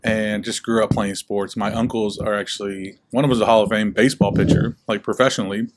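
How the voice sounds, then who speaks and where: A young man telling his life story in a relaxed, chatty interview. He fills his talk with "like" and acts out the voices he quotes. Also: on the low side, fast talker, heavy background noise. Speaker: guest speaker.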